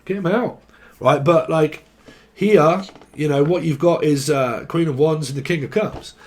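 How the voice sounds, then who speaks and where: A man's voice: on the high side, measured pace, a little mellow. A young man giving a casual tarot reading, joking, rambling and swearing freely. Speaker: tarot reader.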